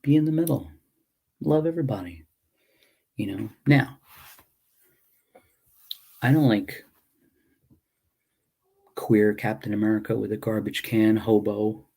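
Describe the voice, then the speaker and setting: Male indie comic creator, impassioned vlog rant, husky and unhurried. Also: lowish voice, warm tone. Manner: impassioned, ranting, swears freely. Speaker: self-published comic creator. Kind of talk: ranting casual vlog.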